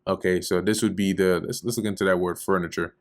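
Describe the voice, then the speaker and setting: A man reading scripture aloud and explaining it in casual, slangy paraphrase during a relaxed Bible study. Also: sits low, quick pace. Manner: reads archaic verses, then explains them in loose slangy paraphrase.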